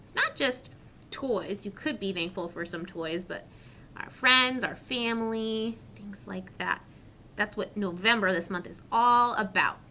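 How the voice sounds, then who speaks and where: Slow, bright-voiced woman teaching children. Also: mid-range voice, slight background noise. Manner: slow, clearly articulated, questioning. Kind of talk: children's story reading lesson.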